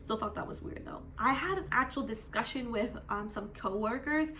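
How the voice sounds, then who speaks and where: Chatty woman vlogger with a bright voice. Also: on the high side, moderate pace, slight background noise. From Canada. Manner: chatty, animated, says "like" constantly. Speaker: teacher. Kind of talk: casual vlog chat.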